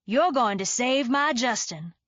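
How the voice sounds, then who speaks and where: Woman reading an insistent Southern mother, honey-smooth and slow, dry dull audiobook sound. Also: fairly high pitch, animated, a bit bright, no room sound, pitched above the performer's own voice. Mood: effusive. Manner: slow, pleading, emphatic.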